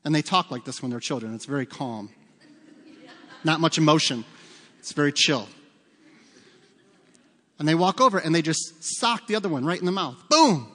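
A middle-aged pastor preaches a sermon in a church sanctuary, with long hall reverb on the recording. His voice is a little high, expressive and sharp, at a moderate pace with frequent pauses. He speaks conversationally, telling humorous stories and making asides to the congregation.

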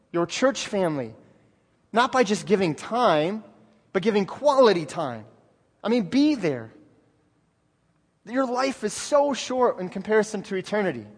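Male pastor, high voice, impassioned sermon delivery, long church-hall reverb. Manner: fervent preaching, swings from loud to hushed.

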